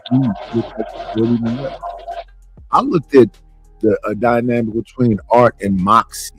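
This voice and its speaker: Blunt husky man talking. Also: medium pitch, moderate pace, no echo, soft background music, poor audio. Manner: blunt, animated, acts out quoted arguments. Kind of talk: casual commentary.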